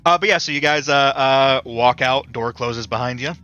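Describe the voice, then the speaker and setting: A man narrating a tabletop horror game as game master, halting often with filler words. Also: mid-range voice, bright, forceful tone. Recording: dull lo-fi mic with faint music.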